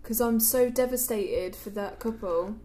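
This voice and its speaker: Woman podcast co-host, earnest and chatty, voice a little high. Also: measured pace, warm tone, a little hiss or hum. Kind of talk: casual podcast chat.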